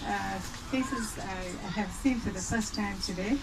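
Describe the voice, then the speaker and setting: A woman's voice: mid-range voice, unhurried. Woman, South African accent, hesitant speech with fillers, phone recording from a distance, background noise. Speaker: family member giving a reunion speech. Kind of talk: informal speech to family. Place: outdoor family gathering.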